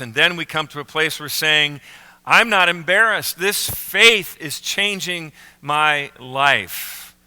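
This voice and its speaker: A man preaching a sermon as pastor, slowing down and leaning on key words. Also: mid-range voice, bright, forceful tone, clear, resonant tone. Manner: slow emphatic phrasing with pauses on key words. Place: church sanctuary. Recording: reverberant church sanctuary.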